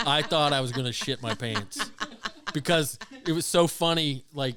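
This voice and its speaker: A man co-hosting a casual comedy podcast, relaxed and curious, asking questions and giving short replies. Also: mid-range voice, normal speed, a loud crowd. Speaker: podcast co-host.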